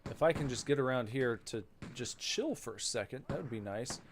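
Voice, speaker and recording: A man's voice: mid-range voice, expressive, brisk, background noise. A man casually commenting while playing a video game, rambling into wry, mock-serious rants. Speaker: gaming channel host. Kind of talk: casual let's-play commentary.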